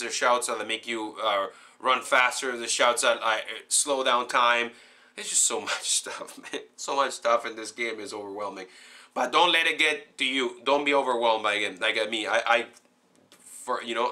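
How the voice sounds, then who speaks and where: A young man giving a rambling, excited review of a video game, acting out his own reactions and saying "man" a lot. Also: mid-range voice.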